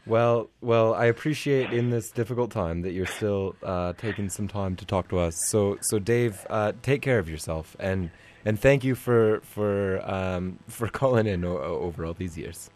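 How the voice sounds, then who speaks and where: A male radio host with a lowish voice who stumbles and restarts as he talks. He keeps it light, in the tone of talk radio banter. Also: darkish tone. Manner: halting, stammering delivery.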